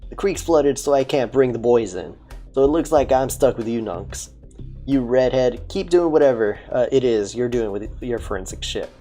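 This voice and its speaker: A woman voicing a crude, lazy male police commissioner, gruff and swearing, in a game playthrough. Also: extremely low pitch, expressive, moderate pace, mellow, soft background music. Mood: bossy.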